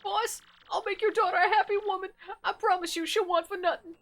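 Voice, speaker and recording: A woman's voice: very high voice, steady tone, brisk, a bit bright. A woman voicing a loyal young male henchman in a game, earnest and begging.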